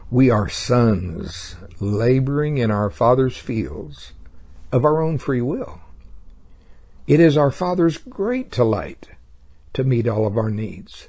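Husky, lively man preaching a folksy sermon. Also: medium pitch, slow pace, long pauses. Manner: folksy, laughing, chuckles at his own stories.

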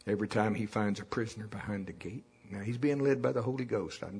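A man's voice: on the low side, fairly even intonation, fast talker, darkish tone, slightly rough. A man preaching a sermon in a folksy storytelling way, having the congregation repeat lines after him. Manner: folksy storytelling with call-and-response.

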